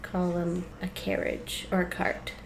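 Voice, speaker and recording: A woman's voice: lowish voice, monotone, measured pace, vocal fry, a little hiss or hum. A woman from New England co-hosting a podcast, chiming in with short, dry quips and agreement. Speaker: podcast co-host. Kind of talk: casual chat.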